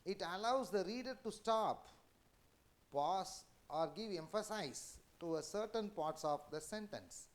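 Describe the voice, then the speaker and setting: A man with an Indian English accent giving an educational lecture, halting with many fillers and restarts. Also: sits high, animated.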